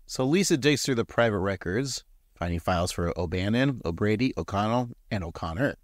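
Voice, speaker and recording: A man's voice: on the low side, lively intonation, fairly quick, no echo, clean studio sound. A man co-hosting a podcast, recapping an episode with teasing, sarcastic banter. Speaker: podcast co-host. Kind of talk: casual chat and episode recap.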